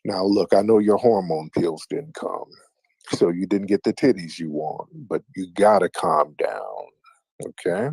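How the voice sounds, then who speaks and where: Host, male, very low gravelly voice, mocking call-in banter, dry sound. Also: sing-song, measured pace, darkish tone, no room sound. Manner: mocking, taunting, sing-song teasing. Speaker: livestream host.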